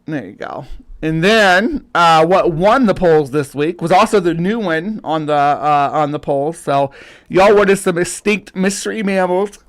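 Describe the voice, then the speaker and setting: A man's voice: fairly high pitch, a little slow. A man hosting a casual livestream, rambling with lots of fillers and restarts. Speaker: host.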